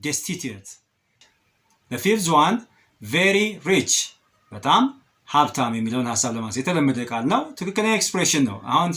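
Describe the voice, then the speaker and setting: A quick-talking man gives an English vocabulary lesson. His fairly high voice rises and falls a lot as he stresses each example word. He slows right down to repeat the words, then speeds up again to explain them. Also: fairly bright tone. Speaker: English teacher. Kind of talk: vocabulary lesson, switching between English and Amharic.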